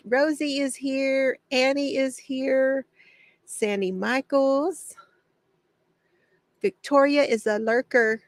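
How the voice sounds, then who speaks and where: A woman's voice: high voice, fairly even intonation, takes it slowly, long pauses, no echo. A woman hosting a casual craft livestream from her home shed, greeting viewers by name, chatty and often laughing.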